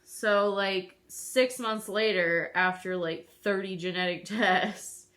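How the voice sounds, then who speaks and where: A woman's voice: mid-range voice, takes it slowly, fairly bright tone. A woman vlogger chatting casually to viewers while doing her makeup, rambling and self-deprecating.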